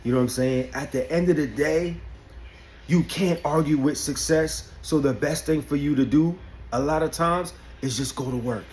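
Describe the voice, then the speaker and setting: A man's voice: fairly high pitch, normal speed, darkish tone. A man from Albany giving an unscripted motivational talk, emphatic, often asking "you know what I'm saying". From Albany, New York. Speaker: barber and vlogger.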